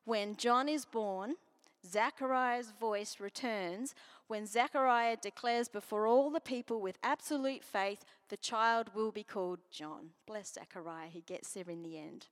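A woman preaching a sermon and reading scripture, earnest, moving from strong emphasis to soft near-whispers. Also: a little high, a little slow. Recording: long hall reverb.

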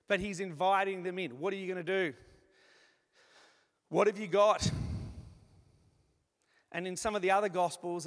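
High-voiced man preaching in a reverberant hall. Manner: animated, conversational preaching with acted-out asides. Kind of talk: sermon. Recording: long reverb of a large hall.

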